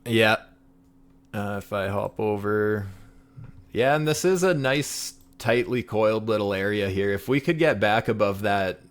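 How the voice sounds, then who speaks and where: A man hosting a livestream, talking casually about charts with frequent fillers and laughs. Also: fairly low pitch. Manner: relaxed, laughs often, many fillers. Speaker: livestream host. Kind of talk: casual trading chat.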